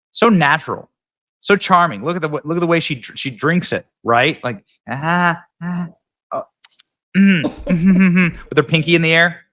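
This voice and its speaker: A man's voice: a little high, sharp tone. A man hosting casual political commentary, sarcastic and mocking, sometimes mimicking voices.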